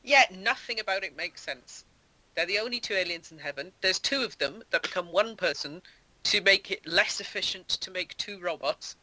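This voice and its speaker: A man's voice: sits high, normal speed, sharp tone, dry recording, poor audio. A man on a film podcast, drily listing his complaints about a film. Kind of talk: casual film discussion.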